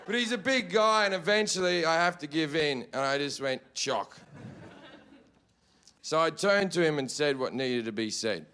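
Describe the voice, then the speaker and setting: A man doing stand-up comedy, telling a story in a profane, animated way and acting out the characters. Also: a little high, fairly quick, hardly any pauses, slight background noise. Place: comedy festival stage.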